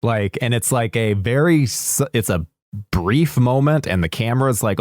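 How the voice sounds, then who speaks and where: A man's voice: medium pitch, a little mellow, no room sound, clean studio sound. A man co-hosting a podcast, chatting casually about a movie, rambling and swearing now and then. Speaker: podcast co-host.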